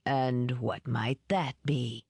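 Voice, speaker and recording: A woman voicing a vain, cruel older male villain with a smooth, genteel voice that turns icy. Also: deep voice, lively intonation, no room sound, full character voice. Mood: silky menace. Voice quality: smooth, warm then icy. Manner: slow, menacing, genteel.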